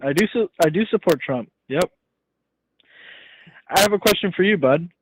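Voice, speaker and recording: A man's voice: high voice, expressive, normal speed, background noise. A man in his twenties from Canada, calling into a live stream and taunting the host. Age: 20s. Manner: combative, taunting. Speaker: caller.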